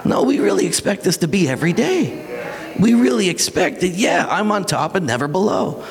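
A male pastor gives a lively, animated sermon with big swings in pitch, breaking into shouted, acted-out dramatic quotes. His voice sits a little high for a man, with vocal fry, and he speaks fairly quickly. The hall adds a long, trailing reverb.

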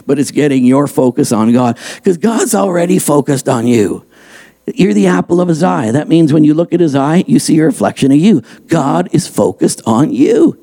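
A male pastor preaching a sermon in a church, emphatic and energetic, repeating his key lines. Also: fairly high pitch, vocal fry. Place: church sanctuary, also streamed online.

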